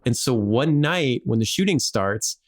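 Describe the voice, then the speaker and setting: A man's voice: mid-range voice, unhurried. Guy on a podcast spinning a history yarn, loose and chatty, acts out the quotes. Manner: animated, acts out quotes in a jokey voice, lots of "like". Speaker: podcast host telling a history story. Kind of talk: casual storytelling chat.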